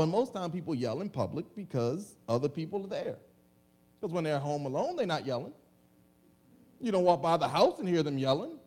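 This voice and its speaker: A male pastor delivering a lively, humorous sermon to a congregation, acting out comic voices. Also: sits high. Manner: animated preaching with comic voices and laughter.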